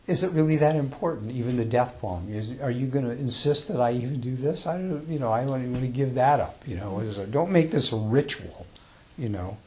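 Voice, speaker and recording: A man giving an informal dharma talk as a Zen teacher, in a relaxed and conversational way. He chuckles often and restarts his sentences. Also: medium pitch. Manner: relaxed and conversational, reads poems slowly.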